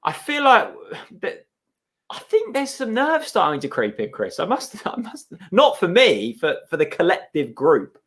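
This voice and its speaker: A man co-hosting a football fan watchalong, relaxed and teasing as he reads comments and shares news. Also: high-pitched, measured pace, slightly rough. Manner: relaxed, teasing, many fillers and restarts. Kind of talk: casual fan chat.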